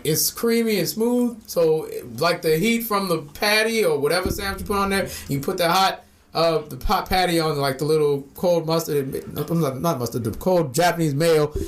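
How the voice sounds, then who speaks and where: A young man co-hosting a casual podcast chat, animated and swearing, acting out customers in quick quoted voices. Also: a little high. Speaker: podcast co-host.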